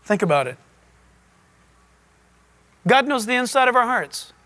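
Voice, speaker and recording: A man's voice: very high-pitched, a little slow. Guy pastor preaching casual, voice bouncing all over, keeps asking the crowd stuff. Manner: animated storytelling, asks the listeners questions. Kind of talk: conversational sermon.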